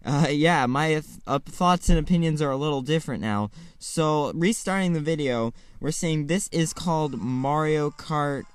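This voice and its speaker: A young man hosting a casual gaming video, gushing with excitement and trailing into fillers and restarts. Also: mid-range voice. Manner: excitable, shouts and squeals in reaction; rambling, many fillers and restarts. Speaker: gaming channel host.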